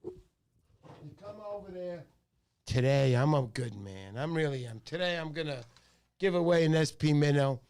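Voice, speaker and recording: A man's voice: fairly high pitch, expressive, normal speed, long pauses, a little mellow. A middle-aged man hosting a fishing channel livestream, chatting casually and joking with viewers.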